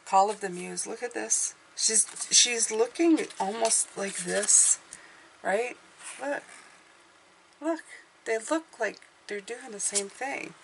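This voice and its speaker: A woman's voice: a little high, takes it slowly, gravelly, slight background noise. A woman giving an intuitive tarot reading, speaking in a meandering, hesitant way as she thinks aloud. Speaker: tarot reader.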